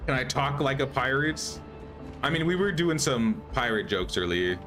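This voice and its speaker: This gaming streamer, a young man, has a mid-range voice with lively intonation and a moderate pace, heard over music. He's playing a survival game and commenting live in a casual way, musing aloud and frequently starting his sentences over.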